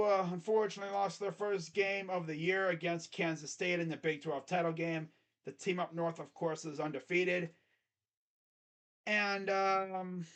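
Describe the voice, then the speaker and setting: A man hosting his own channel, giving casual sports predictions in a rambling, self-correcting way. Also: sits high. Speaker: host. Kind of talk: casual sports picks commentary.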